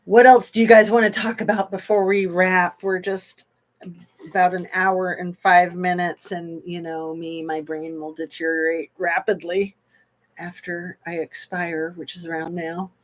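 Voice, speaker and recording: Slow, meandering woman hosting a livestream. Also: fairly low pitch, level tone. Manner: slow, meandering, with frequent pauses and fillers; reads viewer comments aloud and answers them. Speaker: livestream host. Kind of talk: casual livestream chat about a true crime case.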